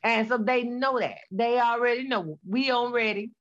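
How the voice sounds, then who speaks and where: A woman's voice: a little high, normal speed, highs cut off. A woman in her forties, a guest in a casual conversation, telling blunt, colloquial stories about her sons. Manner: sassy, blunt storyteller, colloquial.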